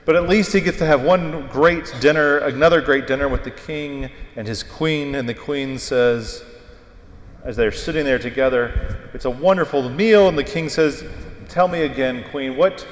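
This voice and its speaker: Animated preacher in an echoey church. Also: male voice, medium pitch, normal speed. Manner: storytelling, animated, emphatic. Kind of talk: sermon. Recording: echoey hall with long reverb.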